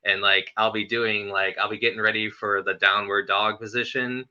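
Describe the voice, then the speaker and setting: Bright-voiced rambling male host. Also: on the low side, level tone, normal speed, smooth. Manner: rambling, laughs often while talking. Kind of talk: casual chat. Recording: muffled lo-fi audio.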